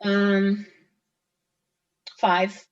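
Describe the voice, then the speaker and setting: A middle-aged woman telling her own story as an interview guest, halting, with frequent restarts and pauses. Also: mid-range voice, completely flat delivery, clear, resonant tone, lo-fi sound. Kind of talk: personal testimony in conversation.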